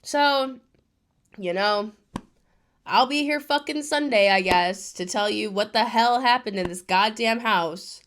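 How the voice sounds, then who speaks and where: A woman's voice: medium pitch, unhurried, fairly bright tone. A young woman recapping a reality show to her viewers, ranting in exasperation and swearing often.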